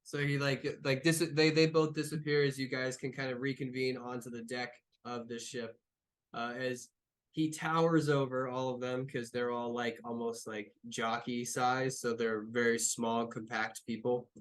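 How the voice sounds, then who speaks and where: A man's voice: medium pitch, level tone, moderate pace. A man running a tabletop game as game master, narrating loosely with fillers and restarts.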